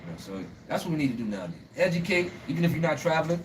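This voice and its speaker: A Liberian-born man talks fast and with a lot of energy, his voice sitting a little high. He laughs often and speaks in loose, emphatic slang, like a host chatting with someone on the street. He sounds a bit far from the mic, with faint outdoor noise around him. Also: big pitch swings. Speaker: show host. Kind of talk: casual street conversation.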